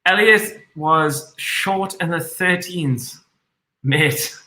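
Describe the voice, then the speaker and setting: Male streamer, tipsy, sweary and excitable, bright pointed tone, echoey room, mid-high voice. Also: extremely slow. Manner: swears constantly, excitable, reads chat aloud. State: tipsy from red wine. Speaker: day trader streaming live. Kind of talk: live trading commentary.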